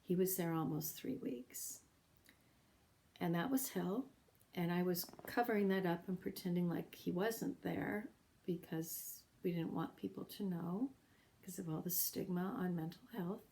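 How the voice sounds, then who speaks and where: A middle-aged woman telling a personal story in an earnest, emotional way, pausing often as she speaks. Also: lowish voice, vocal fry, mellow, a little hiss or hum. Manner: earnest, emotional, with halting pauses. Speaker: podcast host sharing her story.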